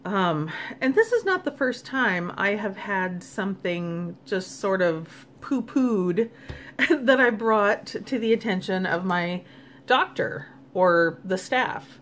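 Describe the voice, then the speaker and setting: A middle-aged woman talks straight to her viewers in a casual vlog, frank and openly exasperated. Her voice sits at an ordinary middle pitch. A faint steady noise runs underneath. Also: slow. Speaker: vlogger. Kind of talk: casual personal vlog talk.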